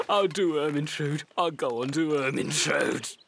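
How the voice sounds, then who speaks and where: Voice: medium pitch, creaky, heavy background noise. An actor voicing a laid-back, dozy male rabbit in a children's cartoon, drawling dreamily and saying "man". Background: music.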